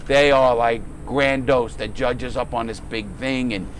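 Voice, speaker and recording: A middle-aged man hosting a podcast, telling stories in a casual, profane, animated way and acting out other people's voices. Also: mid-range voice, unhurried, slight background noise. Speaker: podcast host. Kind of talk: casual storytelling chat.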